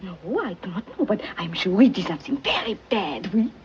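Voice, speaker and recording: A woman's voice: medium pitch, expressive, brisk, a little mellow, close to an everyday voice. A woman playing a coquettish French maid. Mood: coaxing. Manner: coquettish, sprinkles French words, broken English. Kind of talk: 1940s film acting. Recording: dull old film soundtrack, faint hiss.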